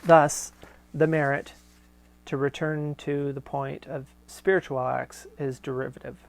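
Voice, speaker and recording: A man hosting a live show, reading archival letters aloud in a measured way with casual asides. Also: fairly high pitch, little pitch movement, vocal fry.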